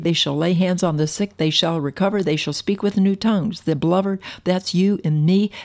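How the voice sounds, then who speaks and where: A woman preaching a sermon, earnestly quoting scripture in old-fashioned wording, with some halting restarts. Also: fairly low pitch, a little mellow. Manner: earnest, quotes scripture in King James wording.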